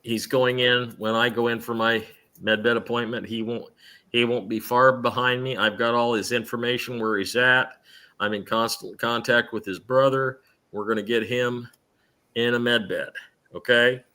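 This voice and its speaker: A man's voice: medium pitch, fairly even intonation, moderate pace, sharp tone. A middle-aged man hosting a live stream show in rambling, chatty conversation, restarting his sentences often. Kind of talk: casual chat.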